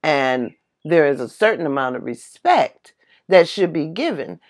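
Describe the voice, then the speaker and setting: Animated, slow-talking middle-aged woman. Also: low voice. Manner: animated, emphatic, laughs while telling. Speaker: vlogger. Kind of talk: casual storytelling monologue.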